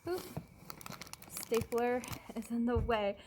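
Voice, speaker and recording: A young woman talking casually at home, chatty and bubbly, with many fillers and some hushed asides. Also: fairly high pitch, level tone, slow pace, background noise. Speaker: vlogger and art teacher. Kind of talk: casual vlog chat. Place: indoors at home, in a bedroom.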